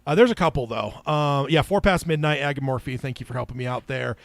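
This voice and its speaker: A man co-hosting a casual podcast chat and reading out listener emails, relaxed, with lots of fillers and restarts. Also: medium pitch, fast talker, gravelly, no echo. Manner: relaxed, many fillers and restarts, laughs often. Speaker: podcast co-host.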